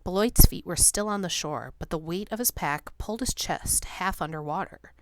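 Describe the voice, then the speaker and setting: A woman reading a novel aloud as an audiobook narrator, in a steady, measured way. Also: fairly low pitch, no room sound. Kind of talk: scripted narration.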